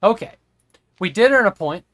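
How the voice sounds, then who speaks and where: A man's voice: high voice, animated, normal speed, fairly bright tone, no room sound. Man, live game streamer, rambling chat with viewers, occasional stammer, dry sound. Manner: occasionally stammers over words.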